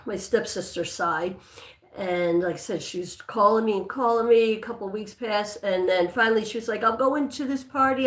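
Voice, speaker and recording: A woman chats on her own livestream, wandering through a personal story with plenty of fillers, restarts and asides. Her pitch sits in a middle range, and the room around her gives a noticeable echo. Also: a bit bright. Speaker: livestream host. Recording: echoey room.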